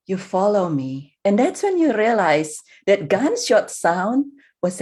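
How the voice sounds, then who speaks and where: A woman leads listeners through a guided visualization, speaking to them in the second person as the story unfolds. She talks slowly and unhurriedly. Her pitch swings widely, then softens into a hushed, soothing tone. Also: big pitch swings.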